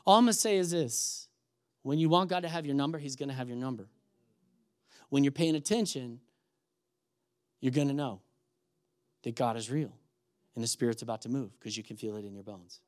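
A man preaching a sermon, telling stories and acting out the voices of the people in them, rising to shouted emphasis. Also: medium pitch, fairly quick, pauses often. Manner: animated, acts out quoted voices, rises to shouted emphasis. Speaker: pastor. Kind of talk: sermon with storytelling.

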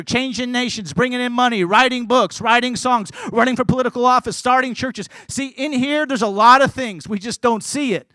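A man preaching a sermon at a church service, swinging between shouted, rhythmic lists and quiet, conversational asides. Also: very high-pitched, dry recording. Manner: repetitive, rhythmic phrasing. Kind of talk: sermon to a congregation.

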